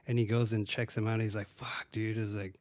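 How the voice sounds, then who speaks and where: A man's voice: on the low side, flat delivery, fast talker, a little mellow, no echo, studio quality. A man casually recapping a movie on his own, rambling and swearing often, with lots of "dude" and "like". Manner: profane, rambling, says "dude" a lot. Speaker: podcast host.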